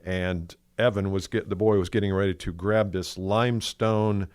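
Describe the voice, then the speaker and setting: A man's voice: low-pitched, steady tone, normal speed, darkish tone, clear, resonant tone, no room sound, clean studio sound. An older man co-hosting a podcast, chatting casually and telling stories, acting out the lines of the people in them. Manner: storytelling, acts out quoted lines. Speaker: podcast co-host.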